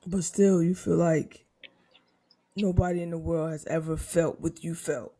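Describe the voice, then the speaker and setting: A man hosts a podcast interview in a gentle, halting way, often repeating words as he feels his way into each question. His voice sits high for a man and has a gravelly edge. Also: flat delivery. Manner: gentle, hesitant, repeats words while asking. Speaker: podcast host. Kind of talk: interview conversation.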